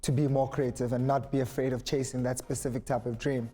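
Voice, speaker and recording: A man's voice: medium pitch, level tone, fast, warm tone. A man, speaking as a musician guest in an earnest, thoughtful way. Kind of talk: reflective conversation.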